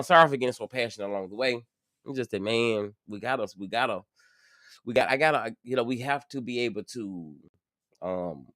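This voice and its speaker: A man's voice: fairly low pitch, fairly bright tone, no room sound, studio quality. A man talking casually and earnestly to his viewers from home, addressing them directly as he shares his story. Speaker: vlogger sharing his story.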